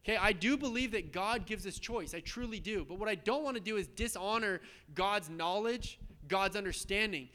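A man's voice: high voice, moderate pace, few pauses, pushed and bright. A man preaching a sermon in a conversational, emphatic way, often checking in with his listeners. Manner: emphatic, conversational, frequent "okay?" and "right?" check-ins. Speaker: pastor.

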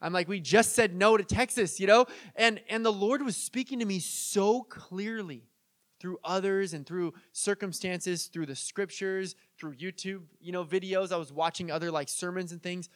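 Man, young pastor, casual storytelling sermon, high voice, dry recording. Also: fairly even intonation, moderate pace, no room sound. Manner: chatty, storytelling, acts out quoted voices.

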